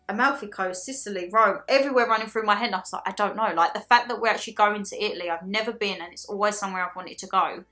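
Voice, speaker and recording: A woman of thirty vlogging in a casual, excitable way, telling her story with lots of "like" and quoted back-and-forth. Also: mid-range voice. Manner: excitable, chatty storytelling with many "like"s. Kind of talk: casual chat to camera.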